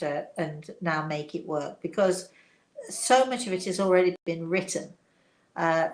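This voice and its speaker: An older woman with an English accent, a spiritual author answering viewer questions in a casual, encouraging way with many fillers. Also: fairly low pitch. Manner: chatty, warm encouragement, laughs often, hesitant fillers. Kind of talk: casual live Q&A chat. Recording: echoey room sound.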